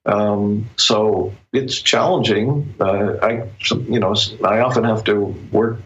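Brief: male author guest, lowish voice, slow reflective delivery with pauses, muffled lo-fi recording. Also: steady tone, a bit bright. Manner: reflective, thoughtful, pauses often to find words. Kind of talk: casual interview conversation.

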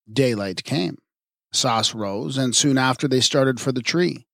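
A man narrating an audiobook of myths in a measured, even reading. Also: medium pitch, gravelly, no room sound, clean studio sound. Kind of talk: scripted narration.

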